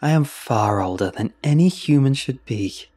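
A man's voice: medium pitch, expressive, unhurried, darkish tone, breathy edge, soft background music. A man voicing an ancient witch who poses as a sweet older woman, with a sly, teasing, cackling manner, in a horror story reading. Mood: gloating.

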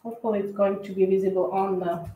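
A woman co-hosting a live cookie-decorating tutorial, chatting in a halting way with lots of fillers and restarts. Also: mid-range voice, level tone, echoey room, lo-fi sound, a little hiss or hum. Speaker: cookie decorating livestream co-host. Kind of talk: casual tutorial chat while decorating.

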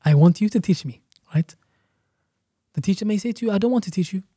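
An Islamic teacher appearing as a podcast guest explains a religious story with emphasis, using rhetorical questions and repeated phrases. His voice is high, fast, mellow and husky, captured in a dry, studio-quality recording.

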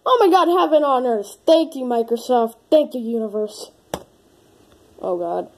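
A woman chatting through a casual comedic vlog with a noticeably high-pitched voice. She is excitable and quick to break into panicky exclamations. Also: a little hiss or hum. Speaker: video creator.

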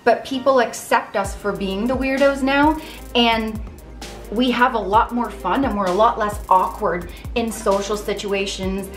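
A woman's voice: a little high, fairly even intonation, measured pace. A young adult woman talking candidly to camera in a casual vlog, earnest and reflective. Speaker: vlogger. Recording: echoey room with faint music.

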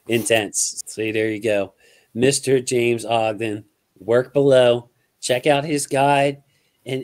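A man's voice: medium pitch, a little mellow. A man hosting a casual sports podcast, loose and slangy, talking football scouting with a guest. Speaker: podcast host.

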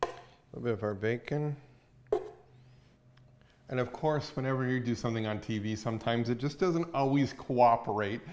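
A man's voice: mid-range voice, moderate pace, long pauses, noisy background. A man hosting a casual cooking show, chatting upbeat while he cooks in a kitchen.

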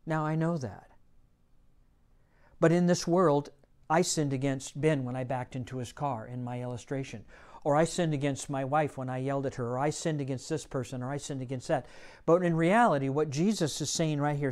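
A male pastor with a somewhat high, slightly mellow voice preaches a sermon in church at a moderate pace. Folksy and self-deprecating, he tells a story and rises to emphatic bursts.

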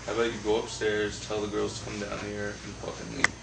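A man's voice: fairly low pitch, monotone, fast talker, vocal fry. A young man acting a hotheaded guy who makes blunt, swearing threats, shot as a scene for a student film. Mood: angry. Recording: echoey room, distant mic, loud noise.

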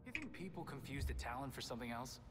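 An actor playing an easygoing young male hero who talks in a relaxed, teasing way. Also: medium pitch, quick pace, loud music behind the voice, close to an everyday voice. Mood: laid-back. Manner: laid-back, teasing. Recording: reverberant game audio with ambience.

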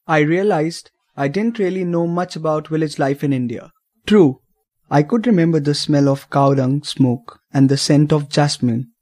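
A man narrating a first-person story for students in a measured, expressive manner. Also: a little high.

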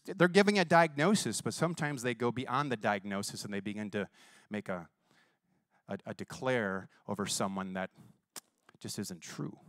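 A man's voice: mid-range voice, dry recording, clean studio sound. A man preaching a sermon, telling healing stories in a casual, conversational way and acting out the quotes. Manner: lively, conversational, acts out quotes. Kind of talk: sermon storytelling.

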